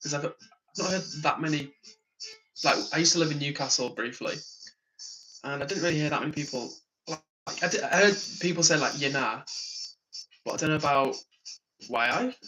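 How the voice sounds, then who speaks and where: A man's voice: a little high, fairly quick, long pauses, pushed and bright, slight background noise, low-quality recording. A tired, yawning man hosting a live stream, reading chat comments aloud, chatting casually and laughing often. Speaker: livestream host.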